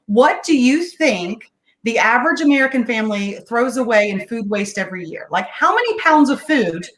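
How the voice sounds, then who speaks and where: A woman's voice: on the high side, expressive, moderate pace, a bit bright. A middle-aged woman, chatty and upbeat, who laughs often as she demonstrates a meal in a home kitchen. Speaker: guest home cook sharing meal tips. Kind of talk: casual live-stream cooking demo.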